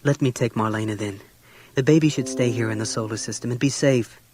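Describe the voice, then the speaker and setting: A man's voice: mid-range voice, fairly even intonation, fairly quick, a little mellow, pitched below the performer's own voice, lightly acted. A man voicing a stubborn, anxious husband and father who argues tensely. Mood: softened. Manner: tense, argumentative.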